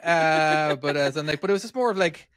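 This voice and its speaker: A man's voice: on the high side, a little fast, fairly bright tone, no room sound. Rambling Irish man, dry close sound. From Ireland. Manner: rambling, restarts often, chuckles easily. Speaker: podcast co-host. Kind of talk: casual chat.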